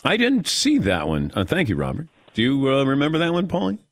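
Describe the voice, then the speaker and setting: Male radio host, casual and lively, close dry studio mic. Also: mid-range voice, fairly quick, dry recording. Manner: lively, laughs often, takes calls.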